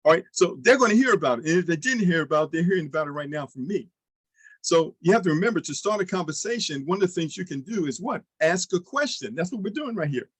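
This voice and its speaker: Man, sales trainer, energetic coaching delivery, slightly high voice, dry close sound. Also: fast talker, husky, dry recording, poor audio. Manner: energetic, coaching, asks the audience questions. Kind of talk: online sales training talk.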